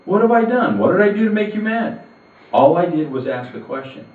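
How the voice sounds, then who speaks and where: A man's voice: high-pitched, sing-song, fairly quick, pitched above the performer's own voice. A man voicing an indignant young male shepherd protesting to his older brother. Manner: protesting, raised and pleading. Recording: echoey phone-like sound from far off.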